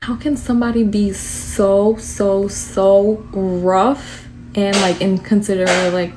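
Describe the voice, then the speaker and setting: A woman's voice: mid-range voice, flat delivery, noisy background. Exasperated young New woman ranting. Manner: fast, exasperated, swearing, many fillers. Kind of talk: ranting storytime to camera.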